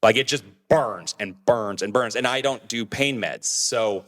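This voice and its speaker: A man telling a story in casual podcast chat, animated and acting out what others said to him. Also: mid-range voice, measured pace. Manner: animated, acts out quoted voices, many restarts. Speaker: podcast co-host telling his crash story.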